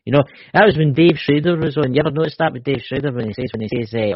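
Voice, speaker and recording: A man's voice: mid-range voice, very fast, hardly any pauses, breathy edge, no room sound. A Scottish man co-hosting a podcast and joking with his partner in a boisterous, teasing way. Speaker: podcast co-host. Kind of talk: casual chat. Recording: muffled dry home recording.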